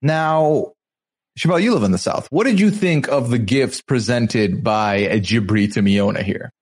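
Animated man hosting a recap chat. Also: medium pitch, normal speed, breathy edge. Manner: animated storyteller, acts out quotes. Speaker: podcast host.

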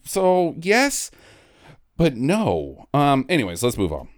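Lively sarcastic podcast host. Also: mid-range voice, dry recording, studio quality. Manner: sarcastic, animated retelling with quick mock voices; swears casually, laughs often. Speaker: podcast co-host recapping a film. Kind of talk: casual comedic chat.

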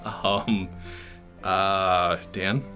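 An actor playing an awkward, patient man confronting his friend, talking in a hesitant, halting, polite way in a comedy sketch. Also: low voice, flat delivery, over music.

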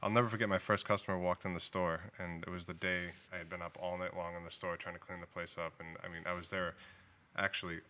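A man's voice: deep voice, flat delivery, fast, bright, forceful tone. A man with a New England accent, a liquor store owner telling his story in a casual interview, laughing easily. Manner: laughs easily, acts out quoted dialogue.

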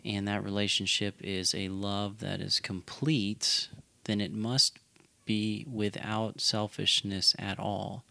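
A man co-hosting a casual faith podcast, explaining ideas in a measured, reflective way. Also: fairly low pitch, monotone, gravelly, bright, forceful tone, no room sound. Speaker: podcast co-host.

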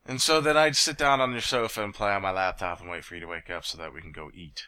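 A man in casual chat, telling stories loudly and swearing, then trailing off into mumbles. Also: low-pitched, fast talker, clear, resonant tone. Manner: animated storyteller, swearing, swings loud then mumbling.

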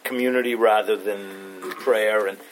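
A man's voice: on the low side, fairly even intonation, a little slow, over loud music, poor audio. A man taking part in a casual study group discussion, voicing skeptical objections.

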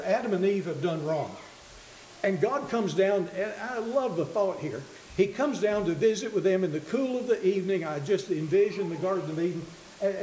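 A man preaching a sermon in an earnest, halting way, often restarting his words, in a church hall. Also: sits high, dark tone. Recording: echoey room with faint hiss.

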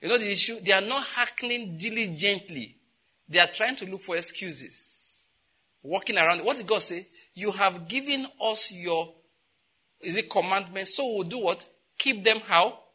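A man's voice: sits high, normal speed, pushed and bright. A man preaching a conversational sermon, laughing often and asking his listeners rhetorical questions. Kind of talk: sermon teaching.

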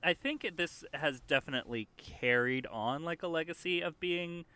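A man's voice: on the high side, normal speed, sharp tone, clean tone. A man hosting a movie podcast, rambling with many fillers. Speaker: podcast host. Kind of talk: casual movie podcast chat.

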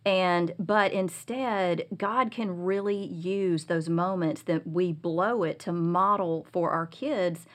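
Earnest middle-aged woman, lowish voice. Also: slow, hardly any pauses. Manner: earnest, confessional, animated when retelling. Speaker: guest speaker on Christian parenting. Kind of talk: personal storytelling in conversation.

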